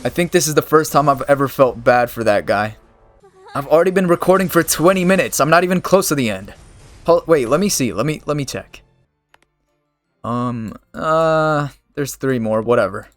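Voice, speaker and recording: A man's voice: medium pitch, lively intonation, moderate pace, faint music behind. A man reading a game's story aloud, stumbling over words, swearing and mocking himself. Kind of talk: casual reading of game dialogue.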